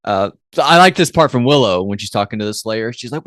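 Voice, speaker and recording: A man's voice: fairly low pitch, lively intonation, fast, few pauses, fairly bright tone, no echo, clean studio sound. A man co-hosting a podcast, recapping a TV episode in casual chat, hesitant and trailing off, with many fillers. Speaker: podcast co-host.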